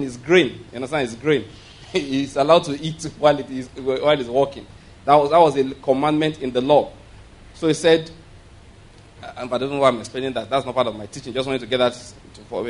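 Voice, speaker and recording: A man preaching a sermon, pausing to check that listeners follow and slowing down to stress key points. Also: mid-range voice. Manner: emphatic teaching, frequent "you understand?" and "all right?" checks; slows and gets louder for emphasis.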